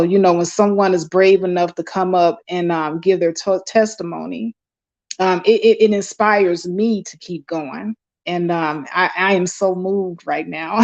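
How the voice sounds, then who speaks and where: A woman's voice: fairly low pitch, vocal fry, a little mellow. A woman hosting a live online chat stream, effusive and full of fillers and restarts. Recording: dull lo-fi stream audio.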